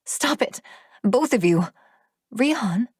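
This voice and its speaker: A woman's voice: a little slow, no room sound, clean studio sound. A woman narrator voicing an earnest young heroine in an audiobook, speaking with urgency in a raised, pleading tone. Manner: urgent, higher and louder than the narration. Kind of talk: audiobook character voice.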